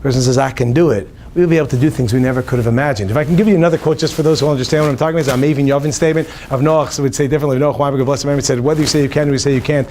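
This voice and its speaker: A man, a rabbi, giving a humorous inspirational talk to an audience in a hotel conference room, animated and quizzing the listeners as he goes. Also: mid-range voice, racing, few pauses, slight background noise.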